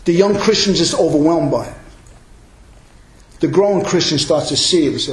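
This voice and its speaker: Pastor, male, high voice, emphatic sermon delivery, echoey hall. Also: animated, normal speed, pauses often. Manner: emphatic preaching that builds to loud exclamations.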